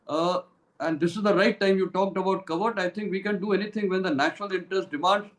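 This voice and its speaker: An older man with an Indian English accent speaks with a fairly high voice in an interview. He talks emphatically, like the retired general he is, with lots of "uh" fillers and quick slips into Hindi. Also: rough recording. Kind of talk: impassioned interview answers.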